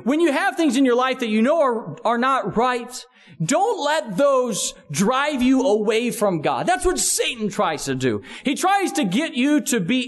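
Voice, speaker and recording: A male pastor preaches in an earnest, conversational way, often restarting and repeating words as he explains the scripture. His voice sits high for a man. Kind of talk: sermon.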